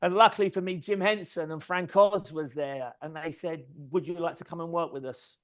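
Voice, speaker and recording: A middle-aged man giving a keynote talk, telling lively anecdotes, swearing freely and acting out quoted conversations. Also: fairly high pitch, normal speed. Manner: animated anecdotal storytelling, swears freely, acts out quoted dialogue. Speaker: conference speaker. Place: event stage.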